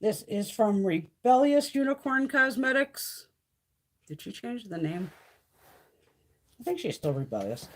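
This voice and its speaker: A woman's voice: on the high side, big pitch swings, a little slow, long pauses. A middle-aged woman chatting casually and profanely on a beauty live stream, laughing often.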